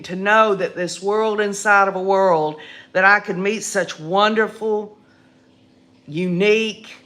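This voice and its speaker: Slow, raspy older woman. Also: medium pitch, a bit bright. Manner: slow, folksy and chatty, laughing often. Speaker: live-stream host. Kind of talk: casual live-stream chat, reading viewer comments aloud.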